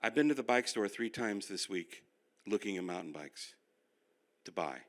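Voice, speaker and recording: An older male pastor teaching a finance class, telling animated, self-deprecating stories. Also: lowish voice, normal speed. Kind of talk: sermon-style finance class.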